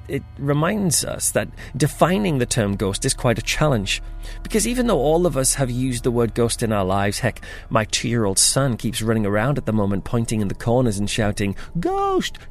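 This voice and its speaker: Chatty man hosting a podcast. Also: on the low side. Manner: chatty, self-deprecating asides. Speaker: podcast host. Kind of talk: casual scripted podcast talk.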